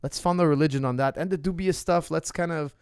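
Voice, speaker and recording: A man's voice: a little high, fast, smooth, dry recording. Emphatic man on a dry mic. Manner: emphatic, repeats phrases for stress, swings loud and soft. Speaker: martial arts coach hosting a Q&A. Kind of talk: casual opinion monologue.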